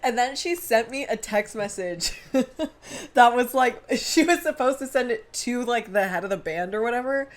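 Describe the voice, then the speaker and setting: A woman co-hosting a podcast, chatting casually and telling an animated personal anecdote in which she acts out what people said. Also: a little high, moderate pace. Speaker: podcast co-host. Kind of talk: casual storytelling chat. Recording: audio-only podcast.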